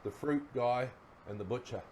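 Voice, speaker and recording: A middle-aged man, a guest telling relaxed stories in casual chat and laughing at his own yarns. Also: medium pitch, normal speed, a little hiss or hum. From New Zealand. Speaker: guest, former rugby player.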